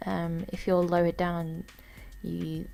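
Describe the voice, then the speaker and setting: Tired woman with a gravelly voice. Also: lowish voice, flat delivery, takes it slowly, warm tone, faint music behind. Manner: rambling, unsure, lots of fillers. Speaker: gamer. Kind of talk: casual game walkthrough commentary.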